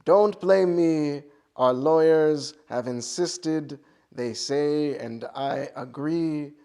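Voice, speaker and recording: A man voicing a grandiose male supreme deity with booming, theatrical proclamations. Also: drawn-out words, warm tone, clean tone. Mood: proclaiming.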